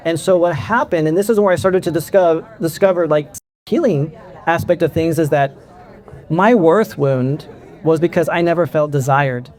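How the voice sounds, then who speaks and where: A man's voice: on the high side, moderate pace, a little mellow. Candid middle-aged man telling his story. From California. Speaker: convention speaker. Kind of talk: personal talk to an audience.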